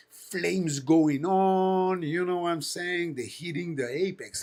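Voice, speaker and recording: A man with a French accent chats loosely on a live stream, his voice sitting a touch high for a man. He swears freely and breaks into mimicked engine and turbo sounds as he tells his stories. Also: unhurried. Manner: animated storyteller, swears often, imitates engine noises. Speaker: host. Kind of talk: casual live-stream chat.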